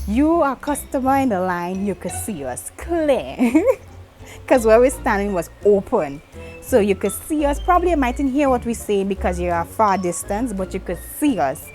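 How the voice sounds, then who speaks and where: A woman, vlogging an animated, dramatic story and talking with her hands. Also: medium pitch, moderate pace, faint music behind. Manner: lively, dramatic retelling with acted-out quotes, talks with her hands.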